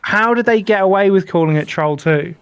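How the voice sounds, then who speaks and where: A man co-hosting a casual podcast over a video call, asking short, quick questions. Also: high voice, smooth, no echo. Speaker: podcast co-host. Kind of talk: casual chat.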